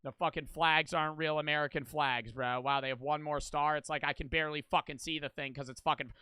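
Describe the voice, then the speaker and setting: A man's voice: a little high, fairly even intonation, a little fast, pushed and bright, smooth, dry recording. A man reacting to video clips with crude, sarcastic, swear-filled rants. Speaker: video commentator. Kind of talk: profane comedic rant.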